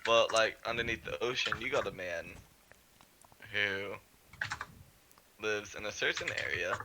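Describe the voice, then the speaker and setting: A young man with a lowish voice drawls out rambling hints in a relaxed game chat. The line carries steady hiss underneath, and keyboard clicks can be heard. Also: measured pace. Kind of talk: casual gaming chat.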